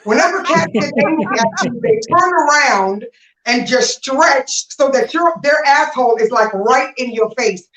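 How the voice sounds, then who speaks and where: A woman comedian doing a loud, profane stand-up set, telling stories. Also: sits high, animated, moderate pace, reverberant, low-quality recording.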